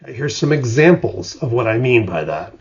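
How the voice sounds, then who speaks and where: Older male writing instructor, raspy and gravelly, vivid storyteller, lo-fi recording. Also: mid-range voice, very animated, fairly quick. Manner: vivid storyteller, acts out examples. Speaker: screenwriting teacher. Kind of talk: explanatory lecture. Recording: dull lo-fi recording.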